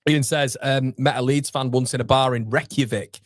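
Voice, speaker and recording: A man's voice: medium pitch, fairly even intonation, normal speed, no room sound, studio quality. A young man, hosting a casual livestream and chatting through viewer comments with self-deprecating asides. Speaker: host. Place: home streaming studio.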